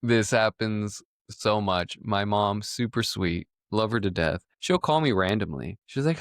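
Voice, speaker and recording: A young man co-hosting a podcast, telling lively stories in a relaxed casual conversation. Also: lowish voice, normal speed, no room sound, studio quality. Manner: lively storyteller, says he prefers listening. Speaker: podcast co-host.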